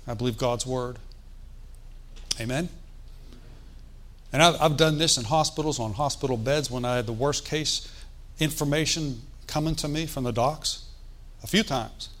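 A man's voice: a little high, moderate pace, a bit bright. A man preaching a sermon in a conversational, folksy way, with joking asides and calls for the congregation to answer. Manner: asks the congregation for responses.

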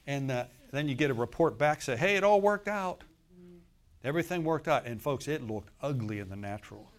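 Folksy pastor guy preaching, gets loud then drops real soft, talks right to the folks. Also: medium pitch, a little fast. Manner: swings from loud emphatic bursts to soft murmured asides; folksy, talks straight to the congregation. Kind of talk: sermon.

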